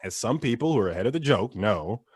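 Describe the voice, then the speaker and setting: A man performing a stand-up comedy set, telling family stories with lively, swinging delivery. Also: fast, husky, dry recording, clean studio sound. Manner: animated storytelling with wide pitch swings.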